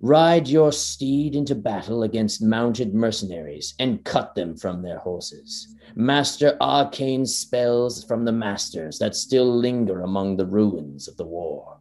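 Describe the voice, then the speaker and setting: A man's voice: fairly low pitch, expressive, slow pace, hardly any pauses, darkish tone. A man co-hosting a podcast, reading dramatic trailer narration and chatting casually, stumbling over words and laughing at his own slips. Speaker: podcast co-host.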